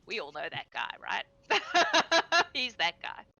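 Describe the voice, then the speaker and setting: A woman narrating as game master, talking casually and laughing between quick asides. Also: low voice, very animated, gravelly, pushed and bright, no room sound, poor audio.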